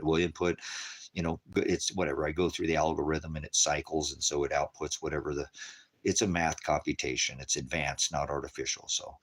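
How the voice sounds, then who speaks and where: A man's voice: low voice, fairly bright tone. A man hosting a rambling casual livestream, joking crudely and talking baby talk to his dogs at home. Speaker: livestream host.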